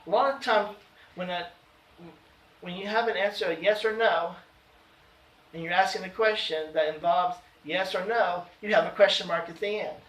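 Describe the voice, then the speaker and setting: A man teaching an adult education grammar lesson, slowing down to read out example sentences with emphasis. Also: high voice, a bit bright. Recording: echoey room, voice from far off.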